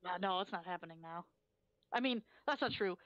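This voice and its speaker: A woman's voice: lowish voice, a little fast, fairly bright tone, no echo. Chatty woman player on a dull, dry mic. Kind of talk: casual in-character play.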